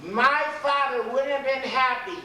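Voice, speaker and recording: Playful woman telling a story, high lively voice, echoey room far from mic. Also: measured pace, a crowd in the background. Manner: playful, laughing often.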